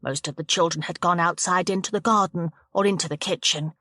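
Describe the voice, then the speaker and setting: A woman reading a thriller audiobook aloud in a steady, measured narration. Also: fairly low pitch, dry recording, studio quality. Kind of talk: scripted narration of a thriller novel.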